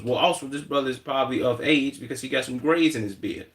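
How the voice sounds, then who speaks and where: Man from Chicago, mid pitch, blunt and profane; off-mic streaming commentary. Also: fast talker, few pauses, fairly bright tone, far from the mic. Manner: blunt, profane, repeats words, emphatic asides. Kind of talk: live reaction commentary.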